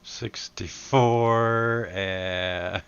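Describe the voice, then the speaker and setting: A man narrating as game master in a very slow, halting delivery full of fillers. His voice is bright and smooth. The recording sounds dull and lo-fi. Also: lowish voice, fairly even intonation. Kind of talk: running a tabletop game online.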